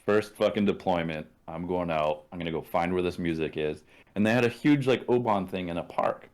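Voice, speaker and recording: Canadian man, low voice, casual profane storyteller, acts out quotes. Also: a little fast, a little mellow. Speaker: podcast guest.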